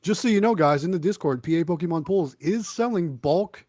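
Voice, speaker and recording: A man hosts a casual livestream and warmly welcomes viewers by reading out their comments. His voice sits a little high, and the recording is dry and close. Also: animated, brisk, no room sound. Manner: friendly and upbeat, greets viewers. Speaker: livestream host.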